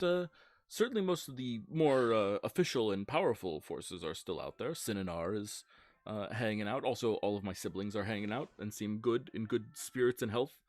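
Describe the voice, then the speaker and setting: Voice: mid-range voice, darkish tone, no room sound, pitched above the performer's own voice, lightly acted. A game master voicing a sly, teasing divine spirit being in a live tabletop game. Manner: mock-innocent, airy. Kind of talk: live-streamed tabletop role-play.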